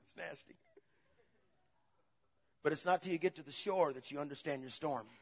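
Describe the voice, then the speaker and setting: A man preaching a sermon as pastor, swinging between loud, animated passages and low, quiet asides. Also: normal speed. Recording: dull, long reverb of a large hall.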